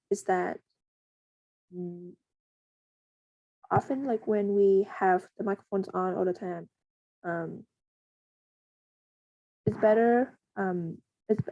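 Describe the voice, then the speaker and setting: Halting woman walking through a coding tutorial. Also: mid-range voice, vocal fry, mellow, dry recording, low-quality recording. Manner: hesitant, halting, with frequent restarts and pauses. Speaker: software tutorial presenter. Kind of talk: casual screen-recorded coding walkthrough.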